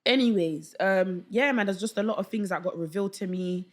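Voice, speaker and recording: Animated young woman telling a story. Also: medium pitch, brisk. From London. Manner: animated, acts out quoted voices, slangy. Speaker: podcast guest. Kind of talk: casual storytelling chat.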